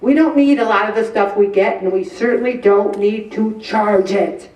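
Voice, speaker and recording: A woman's voice: mid-range voice, moderate pace, a little mellow. A middle-aged woman giving a humorous, chatty faith talk on stress, joking and acting out little exchanges. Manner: chatty, jokey, acts out little quoted exchanges. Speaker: inspirational speaker. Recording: echoey room, mic at a distance.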